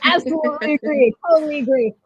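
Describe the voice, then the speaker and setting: Speaking fast in a high voice, a female podcast co-host gives a loose, profane review of a show, laughing as she walks through its scenes. Faint music plays under the dull, lo-fi sound.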